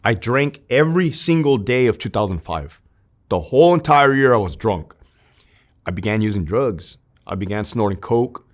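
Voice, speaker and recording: Low-voiced man telling a raw, candid story. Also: lively intonation, normal speed. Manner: raw, emotional, peppered with "dude" and "like", swearing. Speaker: interview guest, army veteran.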